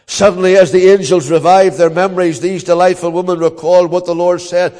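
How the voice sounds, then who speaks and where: An older man with a Northern Irish accent preaching a sermon as a pastor, telling stories earnestly with dramatic pauses. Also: sits high, flat delivery, mellow, in a large hall.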